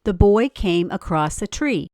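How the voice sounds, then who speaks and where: A woman reads a children's storybook aloud, slowly and with a lively voice that rises and falls a lot. She is expressive and often stops to ask the listener questions. The recording is dry and close. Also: mid-range voice, dry recording. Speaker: story reader.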